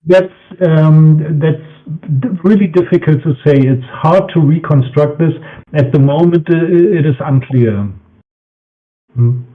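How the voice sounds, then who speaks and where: Guy, kinda high voice, halting answers, tinny phone-line sound. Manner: hesitant, searching for words, soft laughs. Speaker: band member, interview guest. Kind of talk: casual interview answers. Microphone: voice call. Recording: tinny phone-like call audio.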